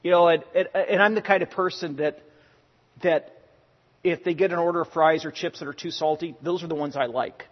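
A man preaching a sermon in a conversational way, telling personal stories, sometimes loud and sometimes hushed. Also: a little high, fairly even intonation, brisk, husky, big-room sound, lo-fi sound. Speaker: pastor.

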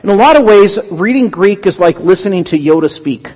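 Guy preaching in a church, high voice, chatty teaching w little jokes, echoey hall, kinda muffled lo-fi sound. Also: lively intonation, a little fast. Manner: conversational teaching with humorous asides. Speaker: pastor. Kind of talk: sermon. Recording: dull lo-fi sound with long hall reverb.

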